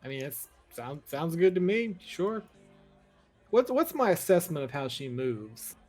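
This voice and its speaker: A man's voice: on the high side, big pitch swings, a little slow, darkish tone, soft background music. A man playing in a tabletop game, playful and dry, often murmuring short agreements. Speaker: player. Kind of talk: casual tabletop play.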